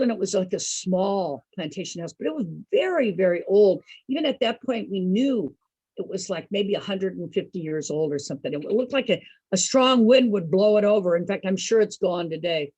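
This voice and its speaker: A woman with a husky voice telling a casual story to an online group over a video call, chatty and calling her listeners folks. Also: mid-range voice, lively intonation, normal speed, mellow, no room sound, low-quality recording. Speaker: storyteller host.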